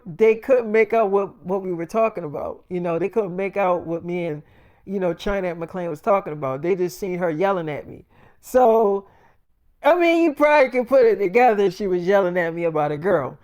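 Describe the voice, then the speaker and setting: A man's voice: sits high, moderate pace, darkish tone, clean tone. A young man casually narrating an improvised story in slangy, profane, boastful speech.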